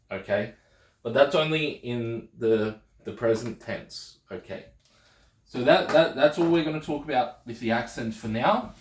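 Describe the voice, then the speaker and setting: A man's voice: lowish voice, reverberant. A man teaching a recorded language lesson, explaining patiently and checking in with frequent "okay"s, possibly. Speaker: Greek teacher. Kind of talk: video lesson.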